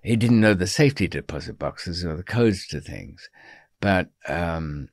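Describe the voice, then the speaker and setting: An older man with a lowish voice recounts his stories at an unhurried pace. He is dry and wry, often pausing and restarting his sentences. The studio sound is close and dry. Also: expressive, no echo. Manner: dry, wry storyteller with frequent ums and restarts. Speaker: interview guest. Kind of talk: storytelling in a long-form interview.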